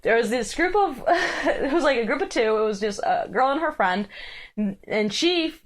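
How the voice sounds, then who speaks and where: Animated, laughing woman telling a story. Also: a little high, normal speed. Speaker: podcast host. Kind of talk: casual chat, storytelling.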